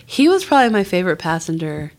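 A woman guest in casual chat, telling lively stories, acting out voices and laughing often. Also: fairly low pitch, quick pace. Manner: bubbly storyteller, acts out voices and laughs often.

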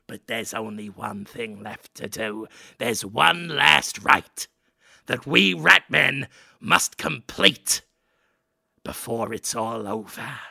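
Man doing a gloating rat-man father, low, slow, menacing, gravelly. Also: expressive, pushed and bright, no room sound, studio quality, full character voice.

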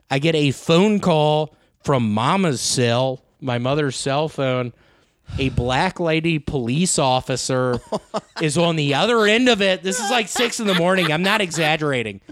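A man's voice: medium pitch, no room sound. A man telling a long, profane story in a rambling way during a casual chat.

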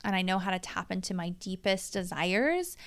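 A woman's voice: medium pitch, animated, moderate pace, no room sound. A middle-aged woman hosting her own solo podcast, talking casually and with energy as a coach, swearing freely.

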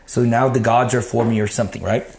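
Male guest, middle pitch, raw profane storyteller, recorded with a roomy echo. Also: level tone, fast, creaky, darkish tone, slight background noise. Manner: blunt and profane, acts out what he told himself. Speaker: interview guest. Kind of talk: personal storytelling, casual talk.

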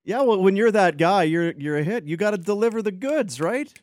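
A man's voice: sits high, fast, a little mellow, no echo. A man, co-hosting a sports radio show with casual, joking banter and reading listener messages. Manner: joking, reads listener texts.

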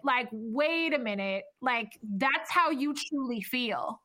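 A woman's voice: high-pitched, measured pace, hardly any pauses, sharp tone. A woman co-hosting a podcast, telling a story in casual chat, blunt and full of profanity. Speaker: podcast co-host.

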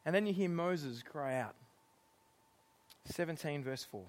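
A middle-aged man delivers a sermon in a fairly high voice. He preaches in an animated way, laughing often and acting out exasperated lines. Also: a little slow.

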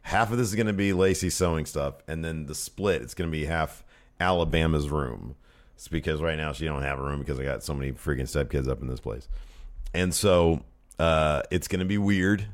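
A man's voice: rumbling low, fairly quick. A man co-hosting a casual podcast, rambling and joking, with light swearing, recorded in a room at home. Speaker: podcast co-host. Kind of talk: casual chat. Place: home office room being cleared out.

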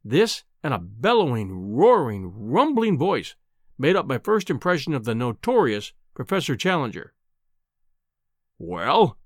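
A man narrating an audiobook in an expressive, descriptive storytelling manner. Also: mid-range voice, moderate pace, no room sound, clean studio sound. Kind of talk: scripted narration.

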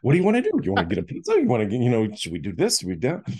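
A man voicing his jolly, hyper younger brother, who eagerly pitches ideas one after another. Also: wildly swooping pitch, vocal fry, a little mellow, exaggerated voice. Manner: bouncy, eager, rapid-fire questions.

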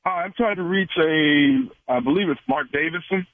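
A man's voice: a little high, moderate pace, over loud music, pitched above the performer's own voice, close to an everyday voice. A man playing a hesitant store manager on a tinny phone line. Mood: calm. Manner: hesitant, apologetic. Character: polite male store manager caller.

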